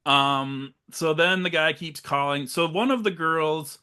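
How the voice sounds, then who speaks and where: A man's voice: fairly high pitch, measured pace, pushed and bright, smooth. A man co-hosting a podcast, casually recapping a horror film and acting out its lines in funny voices. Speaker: podcast co-host.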